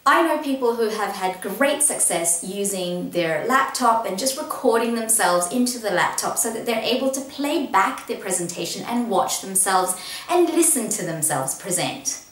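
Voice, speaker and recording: Woman, presentation coach, encouraging, clear emphasis, echoey room, set back from mic. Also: medium pitch, expressive, normal speed, a bit bright, distant mic. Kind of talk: instructional talk to camera.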